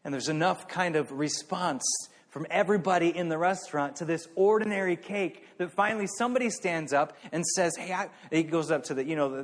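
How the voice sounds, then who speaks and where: Animated male preacher in a big hall. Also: a little high. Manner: animated storyteller, swings between hushed and excited. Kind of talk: sermon storytelling.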